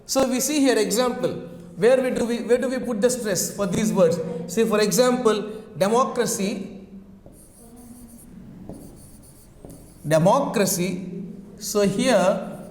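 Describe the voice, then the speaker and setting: A male teacher giving a classroom lesson on word stress, slowly repeating example words aloud. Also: high voice, a little mellow, a little hiss or hum. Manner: slow, repetitive, drills words aloud. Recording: echoey classroom with long reverb.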